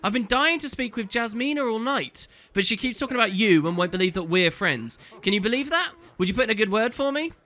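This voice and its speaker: A man voicing a charming, roguish young nobleman with a smooth, teasing delivery. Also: high-pitched, lively intonation, fast talker, few pauses, bright, forceful tone, pitched above the performer's own voice.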